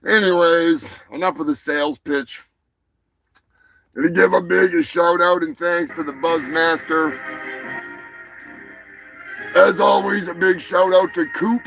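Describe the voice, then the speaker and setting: A man hosting a crude comedy news show, rowdy, laughing and shouting his sales pitches. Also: gravelly. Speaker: host.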